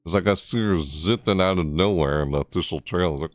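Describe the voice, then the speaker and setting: Rambling low-voiced man reacting to a game. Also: a little fast, no room sound. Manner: rambling, easily amazed, many fillers; voice jumps high in surprise. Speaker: gaming YouTuber. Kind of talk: casual game commentary.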